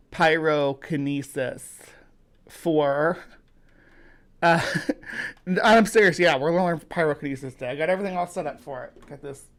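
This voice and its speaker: Casual male livestream host from the US, a touch higher-pitched than most men, meandering and halting, full of ums and restarts. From United States. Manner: rambling, halting, many fillers and restarts; greets viewers by name.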